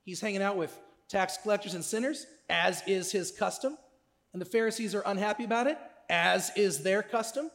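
A man preaching a sermon as a pastor, in a conversational way, often checking in with listeners with a quick question. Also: high-pitched, fairly bright tone, in a large hall. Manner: conversational, asks listeners "right?".

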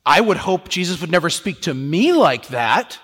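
Animated male preacher in a reverberant hall. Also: fairly high pitch, normal speed, husky. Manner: animated, conversational, acts out quoted voices. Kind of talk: sermon.

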